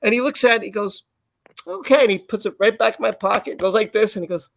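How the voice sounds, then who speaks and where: A man co-hosting a live stream, casually telling a personal story in an animated way and acting out the quoted lines. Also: sits high, quick pace, gravelly, no echo.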